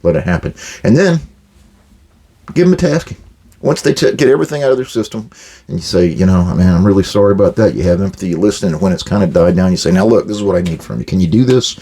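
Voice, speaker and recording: A man's voice: sits low, expressive, fast, mellow, breathy edge. An older man hosting a management advice talk, blunt and direct, acting out quoted exchanges with workers. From United States. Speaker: podcast host giving management advice.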